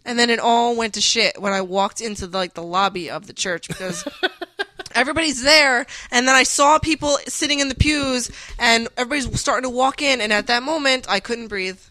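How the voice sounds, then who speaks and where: Young woman podcast guest, bright-voiced, blunt and profane, close dry mic. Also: fairly high pitch, brisk, dry recording, rough recording. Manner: blunt, profane storytelling with animated put-on quotes. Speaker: guest, the host's wife. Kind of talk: casual podcast chat.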